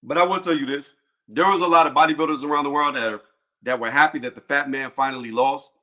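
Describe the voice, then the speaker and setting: A man hosting a casual boxing livestream panel, joking loudly and cursing, with frequent laughs and trash talk. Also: on the high side, fairly even intonation, fast talker.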